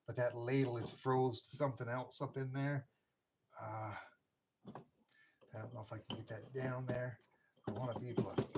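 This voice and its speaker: A man chatting casually on a live stream about his metal casting, excitable, often whooping and laughing. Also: mid-range voice, noisy background.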